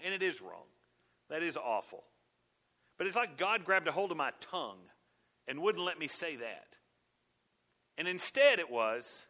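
A male pastor preaching a sermon, dropping to hushed asides and rising to loud, insistent emphasis. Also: fairly high pitch, very animated, normal speed.

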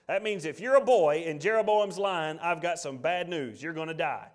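A male pastor delivers a sermon in a slightly high voice. He preaches emphatically, rising to loud declarations and dropping to hushed asides. He reads scripture aloud and speaks God's lines in quotes. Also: expressive, fairly quick.

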